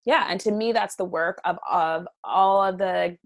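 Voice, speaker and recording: A woman's voice: fairly low pitch, a little slow, no room sound. A woman from Canada, a podcast guest, speaking bluntly and emphatically in a candid interview, swearing freely.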